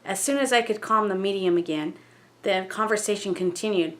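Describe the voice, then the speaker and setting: A woman vlogger reading a ghost story aloud in an unhurried, measured way. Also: mid-range voice.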